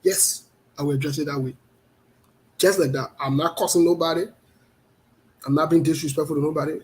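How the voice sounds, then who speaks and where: A man's voice: a little high, steady tone, a little fast, poor audio. A man hosting a live online talk show, greeting viewers by name and speaking bluntly and passionately.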